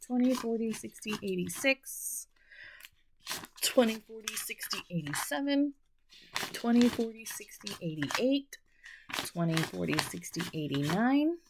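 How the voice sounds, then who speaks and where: A woman's voice: on the high side, animated, measured pace, background noise. A middle-aged woman hosting a budgeting video, chatting casually and counting bills half under her breath between asides. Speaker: budgeting channel host. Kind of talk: casual chat while counting cash.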